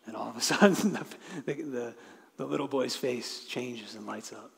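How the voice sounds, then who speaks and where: A male pastor giving a sermon. He swings from loud, emphatic declarations to hushed, near-whispered lines, with conversational asides and light laughs. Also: mid-range voice, moderate pace, gravelly, long reverb tail.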